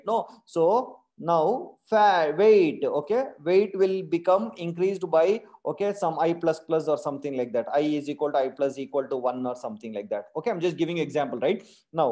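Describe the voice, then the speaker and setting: Indian English teacher, constantly quizzing. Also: male voice, a little high, mellow. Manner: keeps quizzing students with repeated questions and tag questions; calls his class "my dear friends". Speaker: programming teacher. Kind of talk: live online coding class.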